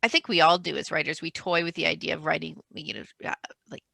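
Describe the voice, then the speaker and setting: A woman's voice: low voice, fairly even intonation, quick pace, vocal fry, pushed and bright, dry recording. A woman author chatting over a video call, talkative, often breaking off mid-sentence and laughing. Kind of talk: casual chat.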